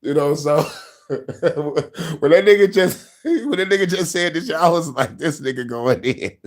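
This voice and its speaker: A man reacting to a video in casual commentary, loud, excitable, profane and laughing often. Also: fairly high pitch, measured pace.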